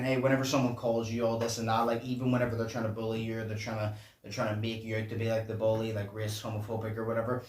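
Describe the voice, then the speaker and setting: A man hosting a reaction channel, chatting casually and profanely in a low voice while he explains song lyrics. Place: home room at night. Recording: echoey room, distant mic, faint noise.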